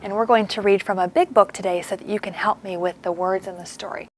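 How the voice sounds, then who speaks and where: A woman teacher in a classroom reading a storybook aloud to young children, with expressive sing-song delivery and questions to the class. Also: mid-range voice, fast, a little hiss or hum. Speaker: preschool teacher.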